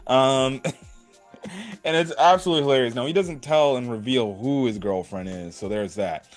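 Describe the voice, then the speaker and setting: A man giving a casual video review, animated and laughing often, swearing and tossing in "right?" after his points. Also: medium pitch, normal speed, soft background music. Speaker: anime reviewer.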